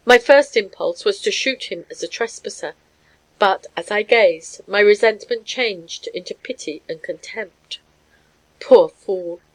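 A woman giving a measured, scripted narration of a story. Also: medium pitch, rough recording. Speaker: audiobook narrator.

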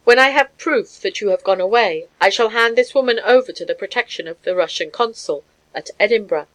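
A woman voicing a gruff Scottish man who speaks curtly and dismissively. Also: mid-range voice, brisk, a bit bright, no room sound, natural voice, poor audio. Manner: curt, dismissive.

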